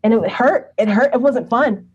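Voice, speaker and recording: Animated storytelling woman in her forties. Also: on the high side, normal speed, breathy edge, dull audio. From Brooklyn, New York City. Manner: animated, chatty, acts out remembered dialogue, laughs often. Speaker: interview guest. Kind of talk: casual conversational storytelling.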